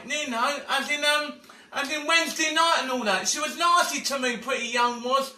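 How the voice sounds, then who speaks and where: A man who pleads, whines and ranks up to shouting, repeating himself over and over. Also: very high voice, moderate pace. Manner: repetitive, whiny, pleading, bursts into shouting. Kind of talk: pleading and ranting to camera. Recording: echoey room, distant from mic.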